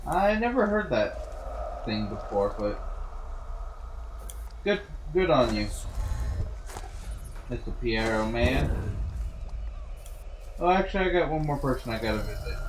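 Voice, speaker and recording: A man chats casually and jokingly while he streams a game, rambling with fillers. His voice sounds echoey, and background noise is clearly heard behind it. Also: mid-range voice, very animated, takes it slowly, pauses often. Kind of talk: casual gameplay commentary.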